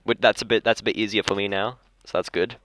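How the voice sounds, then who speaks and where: Young Australian guy, low voice, dry close sound, chatty podcast host who keeps restarting his sentences. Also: fairly even intonation, fast talker, a bit bright, no room sound. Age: young adult. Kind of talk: casual chat. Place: school library.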